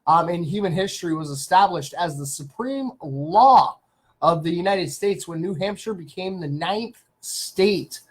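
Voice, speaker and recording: Streaming casually from his small home studio, a man from Canada greets viewers by name and meanders through facts, filling gaps with plenty of fillers. He speaks unhurriedly in an animated, high, slightly rough voice, and the recording sounds rough.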